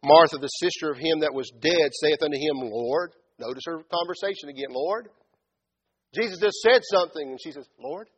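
Male preacher, husky and fairly high, big dynamic swings from hushed asides to shouting, mocks biblical characters' voices in a church sermon. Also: a little fast, hardly any pauses, lo-fi sound. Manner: swings between loud shouted build-ups and quiet low asides; acts out biblical speakers in mocking tones.

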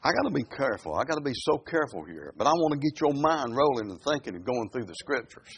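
A man preaching a sermon. He reads scripture aloud slowly, breaks into folksy asides, and keeps asking his listeners questions. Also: medium pitch, slight background noise. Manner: animated, asks the listeners questions.

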